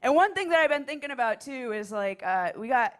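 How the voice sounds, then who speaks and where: Comic on stage, rambly and giggly, handheld mic, cracks herself up. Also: female voice, high-pitched, lively intonation, fairly quick. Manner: rambling, self-deprecating, laughs at own jokes. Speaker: stand-up comedian. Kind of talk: stand-up set. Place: comedy club stage.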